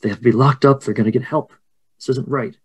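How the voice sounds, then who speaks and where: A man's voice: mid-range voice, steady tone, fast talker, slightly rough, lo-fi sound, close to an everyday voice. A man voicing a distraught mother who pleads and scolds in a panic during a tabletop horror game. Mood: frantic. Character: frantic distraught mother, adult woman.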